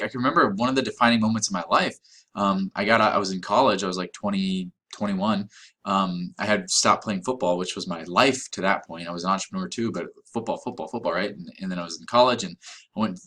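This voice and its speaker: Male online coach, a bit low-pitched, direct and emphatic, chatty lesson delivery. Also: fairly bright tone. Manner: emphatic, direct, keeps checking in with "right?" and "okay?". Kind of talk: casual talking-head course lesson.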